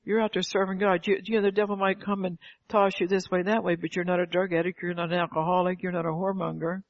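A woman's voice: lowish voice, level tone, quick pace, no room sound. An older woman preaching a fervent sermon, calling out "Amen" and firing rhetorical questions at the congregation. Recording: dull lo-fi, dry sound.

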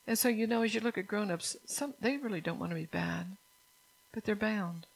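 A woman's voice: medium pitch, moderate pace, vocal fry, slightly rough, rough recording. An older woman preaching in an earnest, conversational way, repeating her key phrases and mixing in personal stories. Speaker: church speaker. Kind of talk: sermon mixed with personal testimony.

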